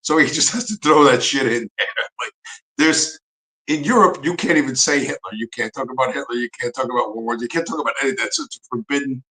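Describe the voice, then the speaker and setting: A man talks on his livestream in a loose, profane rant full of sarcasm and restarts. His voice sits at a middle pitch, and the room gives it a noticeable echo. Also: fast talker, bright, forceful tone. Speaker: livestream host. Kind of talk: casual ranting commentary.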